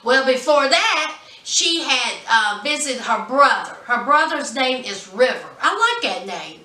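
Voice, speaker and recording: A woman's voice: high voice, sing-song, unhurried, pushed and bright, far from the mic. A woman giving a casual recap of a reality show episode in a sassy, gossipy storytelling manner, with drawled asides. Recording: echoey room, mic set back.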